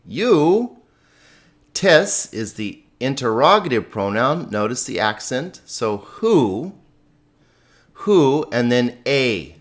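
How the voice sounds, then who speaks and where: A male teacher walking students through a grammar lesson at a slow, deliberate pace. His voice sits in an ordinary middle range. He stresses key words and chuckles lightly as he explains. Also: mid-range voice, very animated. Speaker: Greek teacher.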